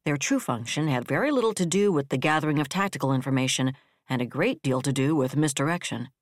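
An audiobook narrator reading military science fiction in a steady, even storytelling manner. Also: medium pitch, quick pace, no room sound, clean studio sound.

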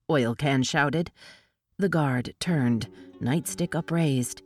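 A woman narrating an audiobook with a steady, expressive reading. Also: low-pitched, a little slow, dry recording, studio quality.

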